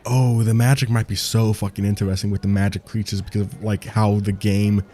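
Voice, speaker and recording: A man's voice: fairly low pitch, level tone, a little fast, warm tone. A man giving casual let's-play commentary, swearing offhandedly and reading game text aloud between remarks. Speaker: game streamer.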